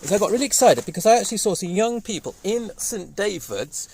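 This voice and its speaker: A man in his fifties, rambling and excitable in a casual monologue, speaking through a cold. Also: sits high, a little fast, slightly rough. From Wales. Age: 50s. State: has a cold. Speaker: vlogger. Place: indoors, sunny room.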